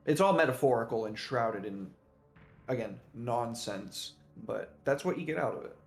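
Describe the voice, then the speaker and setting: A man runs a tabletop horror game, his voice gravelly and full of fry. He speaks haltingly, with many fillers and restarts, while faint music plays behind him. The sound is roomy and echoey. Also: mid-range voice, lively intonation. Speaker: game master. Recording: roomy echo.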